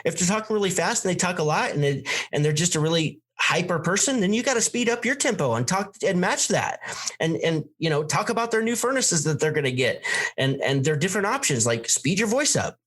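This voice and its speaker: A man's voice: high-pitched, fairly quick. A man hosting a coaching talk, speaking energetically and emphatically, shifting his pace and volume to make his points. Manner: energetic, emphatic, plays with tempo and volume to demonstrate. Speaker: sales coach host.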